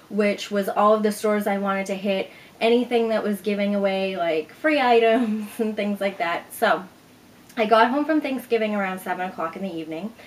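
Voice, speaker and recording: A woman's voice: medium pitch, a little hiss or hum, low-quality recording. A young woman vlogger casually telling a long personal story, acting out what people said. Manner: chatty, animated retelling with acted-out quotes. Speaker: beauty vlogger.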